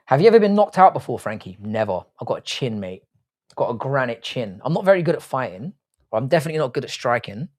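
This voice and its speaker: A man's voice: medium pitch, big pitch swings, quick pace, a little mellow. A young man hosting a casual live stream, teasing his chat and swearing freely. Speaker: livestream host reading chat.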